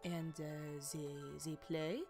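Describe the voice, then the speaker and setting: A breezy mock-French voice with a low, hushed delivery, put on by a woman as a joke. It is slow and lightly affected, a playful spoof rather than a real accent. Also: little pitch movement, over music. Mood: mock-refined. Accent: fake French.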